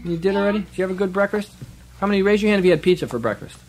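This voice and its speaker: A man's voice: high voice, animated, rapid-fire, crowd noise. A man, a children's folk singer, chatting playfully and quizzing a young audience between songs in a radio studio. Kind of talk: live children's concert patter. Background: acoustic guitar.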